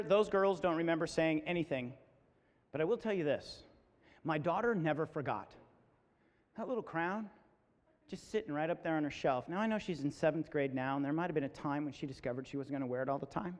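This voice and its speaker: Man, 40s, school assembly speaker, high lively voice, acts out voices, long hall reverb. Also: brisk. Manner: animated, acts out voices, comic. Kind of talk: storytelling talk to students. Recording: echoey hall.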